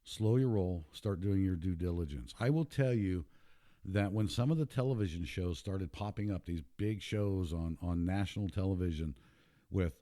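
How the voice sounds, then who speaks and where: A man's voice: sits low, normal speed, warm tone. A man hosting a show, talking in a casual, emphatic monologue, repeating himself and getting worked up. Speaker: podcast host.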